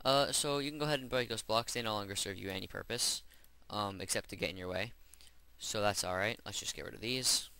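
A man's voice: lowish voice, brisk, vocal fry, bright, forceful tone, clear, resonant tone, no echo. A man hosting a game-building tutorial, chatting casually and rambling as he works through each step. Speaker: Minecraft tutorial host. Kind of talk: gameplay voice-over tutorial.

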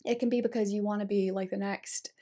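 A woman giving a casual instructional vlog on writing. She is chatty and direct, talking straight to the viewer with emphatic, lively delivery. Her voice sits at an ordinary pitch. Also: brisk. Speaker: writing coach.

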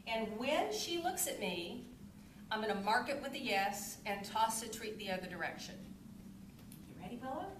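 A woman dog trainer demonstrating with her puppy, explaining steps and calling the dog's name in a happy tone. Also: normal speed. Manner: calls dog's name in high happy tone, then explains calmly. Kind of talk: instructional demo video. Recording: echoey room, faint ambient noise.

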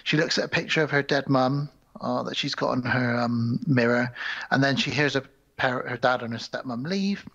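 Gravelly man recapping a film. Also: mid-range voice, normal speed, a bit bright, lo-fi sound. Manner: storytelling recap, acting out characters' lines. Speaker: podcast co-host.

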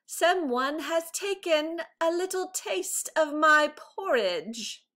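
A woman's voice: sits high, expressive, very slow, a bit bright, heavily acted. A woman voicing a large, grumpy papa bear in a read-aloud storybook, growling his lines. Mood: grumbling.

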